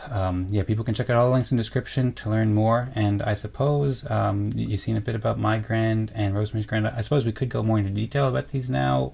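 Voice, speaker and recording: Young guy rambling on a livestream, low gravelly voice, pretty flat delivery, lots of ums and restarts. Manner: rambling, with fillers and restarts, reading chat comments aloud. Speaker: co-host of a livestream. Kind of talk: casual livestream chat.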